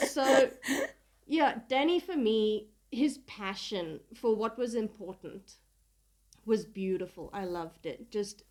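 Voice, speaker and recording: A woman's voice: medium pitch, takes it slowly, darkish tone. A woman co-hosting a casual podcast book chat, self-deprecating and giggly, often searching for the right words. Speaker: podcast co-host and reader.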